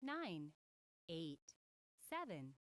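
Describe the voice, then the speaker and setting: A woman voicing a game's timer, counting down in measured, even calls. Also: lowish voice, dry recording, clean studio sound. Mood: calm. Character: calm female game timekeeper voice. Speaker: game timer announcer.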